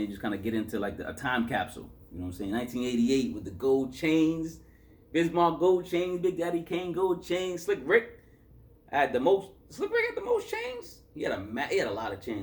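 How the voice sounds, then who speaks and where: A man's voice: medium pitch, fast. A man from Boston reviewing a hip-hop album in loose, rambling casual chat, tired after a work shift and full of fillers and self-corrections.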